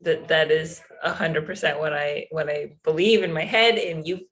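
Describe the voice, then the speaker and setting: A woman's voice: low voice, fairly even intonation, normal speed, a bit bright. A woman hosting an interview, mostly giving short agreeing replies in casual chat. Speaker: interview host.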